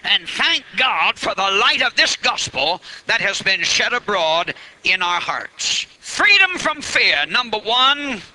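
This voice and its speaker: Fiery high-pitched male preacher. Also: very animated, slow, bright, forceful tone, poor audio. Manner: fiery and emphatic, stretching key words. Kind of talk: revival sermon. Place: live church meeting.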